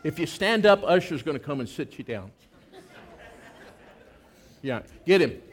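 Un pastore con voce alta e molto espressiva racconta una storia in chiesa, lentamente e con teatralità. Mima le scene mentre parla e poi passa alla preghiera. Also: male voice, on the high side, big pitch swings, measured pace, a faint crowd. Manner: dramatic, acts out the scenes. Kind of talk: storytelling sermon. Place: church service.

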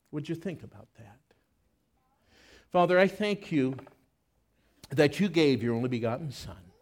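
High-voiced preacher telling a story slowly. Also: male voice. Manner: dramatic, acts out the scenes. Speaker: pastor. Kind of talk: storytelling sermon. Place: church service.

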